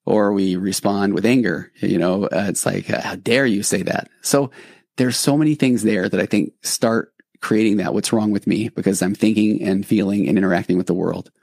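Male podcast host, reassuring and reflective, dry close sound, a touch of vocal fry. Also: on the low side, normal speed, warm tone, no room sound. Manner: conversational, with frequent restarts. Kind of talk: casual podcast monologue.

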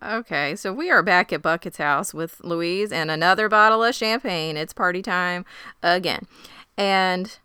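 A woman's voice: on the low side, a little slow, bright, forceful tone, smooth, dry recording, studio quality. A woman co-hosting a podcast, recapping a TV episode in casual chat, enthusiastic and emphatic with frequent laughs. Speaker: podcast co-host.

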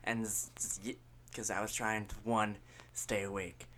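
A man's voice: lowish voice, flat delivery, normal speed, sharp tone, a little hiss or hum. A man guesting on a casual podcast, telling rambling, self-deprecating stories with a jokey manner. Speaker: musician guest.

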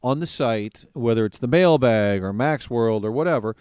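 A man's voice: mid-range voice, moderate pace, clear, resonant tone, no room sound, clean studio sound. A man interviewing a fellow broadcaster in casual podcast chat, telling stories and acting out what people said. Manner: animated storyteller who acts out quoted people.

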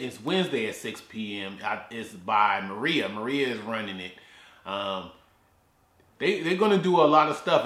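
A man's voice: fairly low pitch, a bit bright. A man hosting his own podcast, rambling casually and often repeating words and restarting sentences. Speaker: podcast host. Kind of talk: casual solo podcast talk. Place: his garage. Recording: echoey garage.

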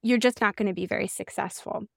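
A woman in her forties, a guest author explaining ideas in an animated podcast chat. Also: medium pitch, fast, gravelly, dry recording, studio quality. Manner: animated, uses many "like" fillers. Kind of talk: explanatory interview talk.

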